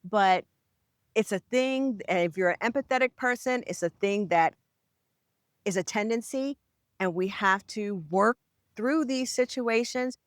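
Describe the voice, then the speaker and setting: A woman's voice: mid-range voice, a little slow, clean tone, dry recording, clean studio sound. A woman in her forties hosting a self-help video, talking candidly and conversationally to camera with frequent restarts. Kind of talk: casual confessional talk to camera.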